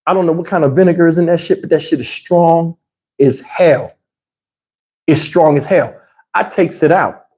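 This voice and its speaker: A middle-aged man tells a profane, animated story to his livestream chat. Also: moderate pace, pauses often. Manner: animated, profane, swings into high voices to mimic others. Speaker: livestream host.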